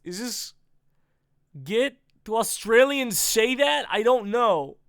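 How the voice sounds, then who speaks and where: A man's voice: high voice, very animated, unhurried, vocal fry, a bit bright, dry recording, studio quality. A man reading a script aloud for comedy, breaking off into exasperated rants and jokes. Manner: exasperated and ranting. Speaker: reader riffing on a script.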